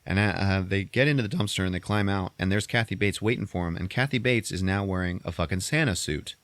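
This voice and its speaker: Male podcast host, deep voice, dry sound, animated profane storyteller. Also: fast talker, no echo. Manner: animated storytelling, swearing, acting out characters in squeaky voices. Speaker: podcast host recapping a movie. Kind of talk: casual chat.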